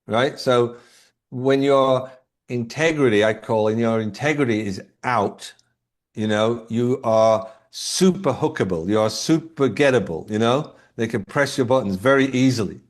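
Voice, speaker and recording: A man's voice: medium pitch, measured pace. Man coaching through anecdotes. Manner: explains by telling anecdotes and asking rhetorical questions. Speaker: leadership coach, podcast guest. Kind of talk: conversational interview answers.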